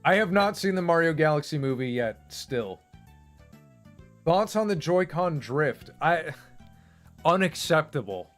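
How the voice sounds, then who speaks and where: Streamer dude ranting, swears a lot, kinda high voice, faint music in the back. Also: male voice, unhurried, pauses often. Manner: profane, emphatic, animated. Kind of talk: casual rant. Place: home streaming setup.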